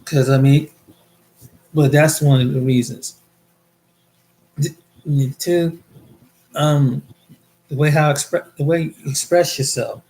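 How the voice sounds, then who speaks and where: A man's voice: on the high side, slow pace, long pauses. Rambling man with a raised voice. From United States. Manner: rambling, repeats words, animated retelling. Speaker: vlogger. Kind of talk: casual personal monologue.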